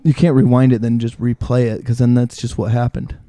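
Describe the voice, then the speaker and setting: A man co-hosting a casual comedy podcast, relaxed and joking as he reads out bits of trivia. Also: mid-range voice, fairly quick, no echo. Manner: laid-back, reads trivia aloud. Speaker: podcast co-host.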